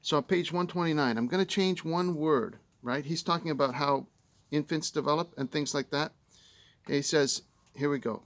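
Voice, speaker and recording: A man's voice: fairly high pitch, moderate pace, a bit bright. A man giving a casual spoken book review, conversational with fillers, growing emphatic as he argues.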